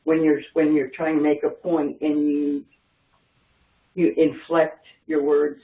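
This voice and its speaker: A man taking part in an online class, answering in halting fits and restarting his words as he makes a point. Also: fairly high pitch, monotone. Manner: halting, repeats words while finding a point. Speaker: class participant. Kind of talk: casual discussion on a call. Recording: tinny, echoey phone-like audio from far off the mic.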